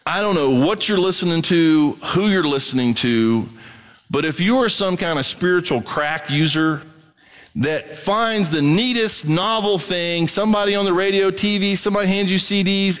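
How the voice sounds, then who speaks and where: A pastor preaching a conversational sermon, moving between quiet asides and excited emphasis. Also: male voice, high-pitched, moderate pace, long reverb tail.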